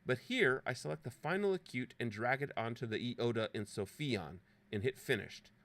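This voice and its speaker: A man's voice: medium pitch, lively intonation, moderate pace, a bit bright. A man presenting an app walkthrough as a scripted, playfully dramatic voice-over narration with theatrical exclamations. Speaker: presenter demonstrating a teaching app.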